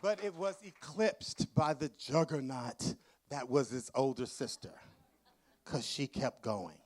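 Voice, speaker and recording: A man who is an author, telling comic stories to a live audience at a museum event in an animated, campy way and acting out the voices. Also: mid-range voice, slow. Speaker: author giving a book talk.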